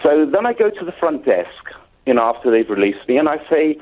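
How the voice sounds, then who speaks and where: A man's voice: fairly high pitch, very animated, brisk. A British man calling in to a radio show, telling his story in a rambling way with many hesitations. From Britain. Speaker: caller. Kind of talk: phone-in call. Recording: tinny phone line.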